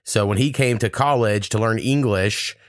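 A man's voice: fairly low pitch, moderate pace, dry recording, studio quality. A man hosting a podcast, telling blunt, swear-laden stories in casual chat. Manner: blunt, swears freely, storytelling. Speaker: podcast host.

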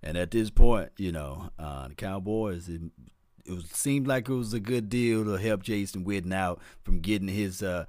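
A man's voice: deep voice, normal speed, a little mellow, no room sound, studio quality. A man co-hosting a casual sports livestream, easygoing, reading viewer donations aloud and laughing often. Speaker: co-host of a sports fan livestream.

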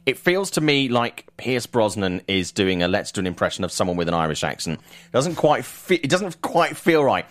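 A man's voice: fairly low pitch, very animated, normal speed, fairly bright tone. A man co-hosting a casual movie chat, enthusiastic and stumbling over his first words. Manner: enthusiastic, repeats words when starting. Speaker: podcast co-host.

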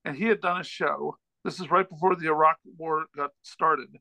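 A man's voice: a little high, steady tone, moderate pace, gravelly, pushed and bright, dry recording, poor audio. A man, a comedian and author, telling a long anecdote as a podcast guest, rambling with frequent restarts and self-deprecating asides. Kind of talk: casual storytelling in a chat.

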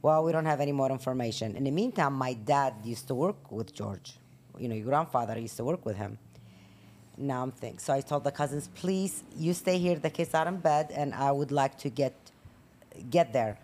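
A woman's voice: extremely low pitch, moderate pace, a little hiss or hum. Middle-aged woman retelling a family story. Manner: animated retelling, acts out quoted voices. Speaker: guest, host's mother. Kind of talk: casual storytelling chat.

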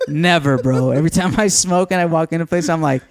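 A young man with a fairly high, gravelly voice chats with friends in a loose, laid-back way. His talk is full of slang and swearing, the easy banter of a casual podcast. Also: brisk, no room sound, clean studio sound. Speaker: podcast co-host. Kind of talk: casual chat among friends.

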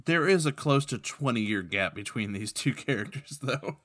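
A man's voice: mid-range voice, lively intonation, moderate pace, fairly bright tone. A man narrating a tabletop game as game master, in a casual, joking way.

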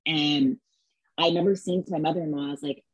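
A woman's voice: low-pitched, fairly even intonation, fast, slightly rough, no room sound, poor audio. A woman in her thirties, a interview guest, telling a story in a chatty way full of fillers and acted-out quotes. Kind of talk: casual storytelling.

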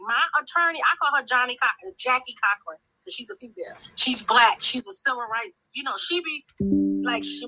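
Over poor audio, a woman caller whose voice sits high, pushed and bright, offers impassioned commentary on a talk show. She goes on at length, emphatically, often beginning her sentences again.

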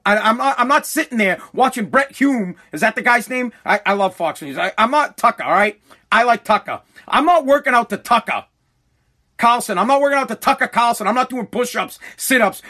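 A man's voice: extremely high pitch, animated, moderate pace, pushed and bright. A middle-aged man delivering a profane, rambling comedic monologue as a podcast host. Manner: profane, blunt, rambling storyteller.

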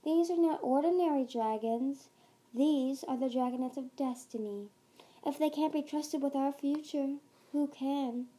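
Woman doing a slow, sly dragon queen. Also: sits high, dark tone, pitched above the performer's own voice.

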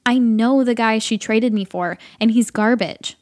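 A woman's voice: a little high, measured pace, lightly acted. A woman voicing a world-weary older brother who rants emphatically about being dumped, in a storybook reading. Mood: ranting.

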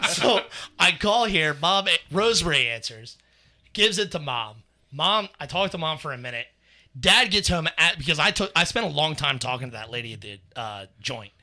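A man's voice: fairly high pitch, animated, moderate pace, bright, forceful tone. A young man from Northern Kentucky telling stories in a casual podcast chat, acting out quotes and laughing often. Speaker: podcast co-host.

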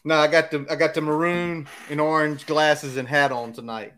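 A man's voice: on the high side, fairly even intonation, normal speed, a bit bright. An American man hosting a casual sports podcast, making brash, fired-up predictions. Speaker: podcast host.

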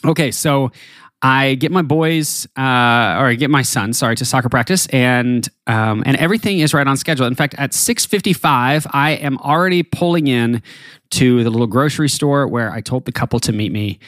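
A man in his thirties, a podcast host telling a story in a chatty, animated way. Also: mid-range voice, moderate pace, no room sound. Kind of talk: casual storytelling.

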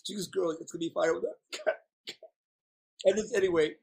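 A man's voice: high-pitched, fairly even intonation, normal speed, vocal fry, a little mellow, slightly rough. A man chatting as a guest, telling rambling, candid stories in a playful way. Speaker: guest performer. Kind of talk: casual chat.

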